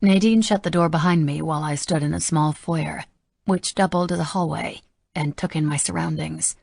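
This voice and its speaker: Female audiobook narrator, deep raspy tone, sardonic first-person read. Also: normal speed, darkish tone, no echo, clean studio sound.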